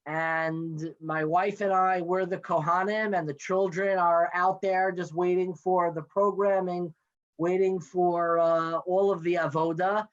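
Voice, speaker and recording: Sitting high with a steady tone, the voice belongs to a man in his thirties who's the guest on a casual interview chat, joining by video call from his home office. The NCSY education director is chatty, playful and quick with jokes, heard through dull lo-fi call audio.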